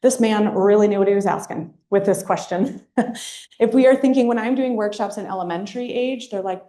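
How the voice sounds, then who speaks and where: A woman's voice: medium pitch, a little fast, dark tone. A woman presenting a workshop to a live audience, speaking in a conversational way and often checking in with "right?". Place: meeting room with an audience. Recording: echoey room.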